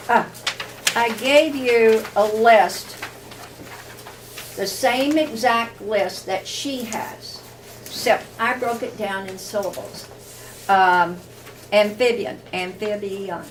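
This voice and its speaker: A woman's voice: medium pitch, slight background noise. A woman teaching a workshop in a classroom, speaking informally with many fillers and restarts. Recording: distant room recording with faint ambience.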